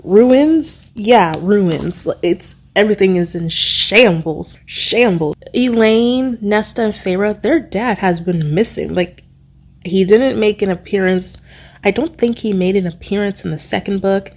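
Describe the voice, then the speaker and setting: Excitable woman recapping a book. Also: medium pitch, measured pace. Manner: excitable, rambling, searching for words. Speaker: book vlogger. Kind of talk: casual reading vlog recap.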